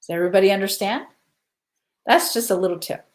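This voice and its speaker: A woman hosting a casual spiritual stream, guiding listeners through breathing and giving gentle advice, often checking in with "okay?". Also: mid-range voice, fast talker. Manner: soothing, repeats "okay?" to check in. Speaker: spiritual live-stream host. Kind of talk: casual guided spiritual talk.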